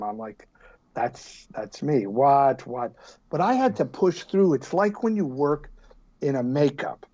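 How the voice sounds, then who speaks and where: A man in his fifties, an actor guest on a casual podcast interview, telling stories in an animated, joking way and often restarting his sentences. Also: mid-range voice, highs cut off.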